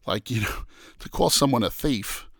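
Man from New York, gravelly lively storyteller, dry close sound. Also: medium pitch, normal speed, no room sound. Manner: animated storyteller who acts out quoted voices. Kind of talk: casual storytelling interview.

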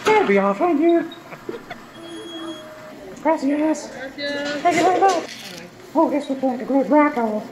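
A man playing a costumed talking dog, ordering at a fast-food counter with a silly high sing-song voice. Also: expressive, exaggerated voice. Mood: goofy. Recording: echoey restaurant room recording.

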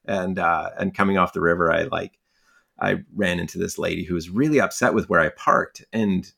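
A man's voice: low voice, fairly even intonation, normal speed, creaky, a bit bright, slightly rough. A young man telling stories casually in a conversation, rambling with many filler words and frequent laughs. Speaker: guest, fly angler and magazine writer.

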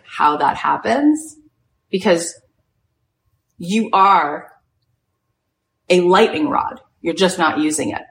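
A woman hosting a podcast, giving an inspirational talk and telling a story with lots of "like" in her speech. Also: on the low side. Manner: animated storytelling, heavy use of "like". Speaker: podcast host and retreat leader. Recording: echoey room.

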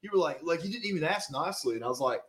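Fast, lively, higher-voiced man. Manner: quick, lively, halting restarts. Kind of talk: casual podcast chat.

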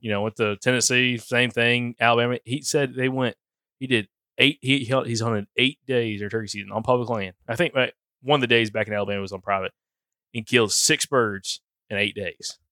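Male co-host, quick, chatty storyteller, dry studio sound. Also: mid-range voice, dry recording. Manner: rambling storyteller, animated retellings. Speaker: podcast co-host. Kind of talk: casual hunting chat.

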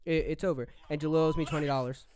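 A man's voice: fairly high pitch, fairly even intonation, background noise. A young man hosting a studio podcast, joking and teasing his friends in casual chat. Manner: joking, quick to tease. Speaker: podcast host.

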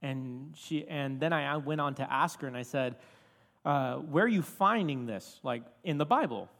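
A man's voice: on the high side, normal speed, creaky. Chatty young man preaching in a hall. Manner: animated, chatty with many fillers. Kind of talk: storytelling sermon. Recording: reverberant hall.

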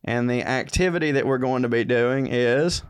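A man's voice: mid-range voice, moderate pace, clean tone. A man co-hosting a comedy podcast, sweary and rambling in casual chat. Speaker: podcast co-host.

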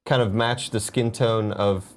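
A man's voice: on the low side, fairly even intonation, unhurried. A man co-hosting a casual morning show, giggling and trying out a put-on accent as a bit. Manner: giggly, sing-song, laughs a lot. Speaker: co-host.

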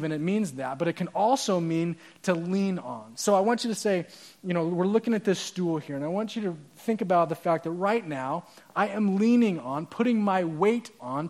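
A man preaching a sermon as pastor, conversational and using props and asides to the audience. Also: high voice.

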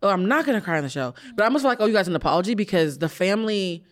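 A podcast host talking in a blunt, animated, storytelling way during a casual conversation. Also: female voice, mid-range voice, racing.

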